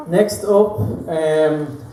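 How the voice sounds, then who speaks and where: A man introduces guests at a live event, slow and teasing, with a fairly high voice. He is heard from far off in an echoey hall with a crowd murmuring. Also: background noise. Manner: jokey, teasing. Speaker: event host introducing authors. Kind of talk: stage introductions.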